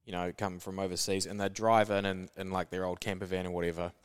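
Deep-voiced laid-back New Zealand man. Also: level tone, fast talker, smooth. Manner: laid-back, rambling, ends lines with "eh". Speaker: podcast guest. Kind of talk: casual podcast chat.

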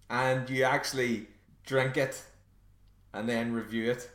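A man from Northern Ireland hosts a solo podcast, telling a story with wry, self-deprecating humor. His voice is medium-pitched and fairly bright, his pace unhurried, and the recording has a roomy echo.

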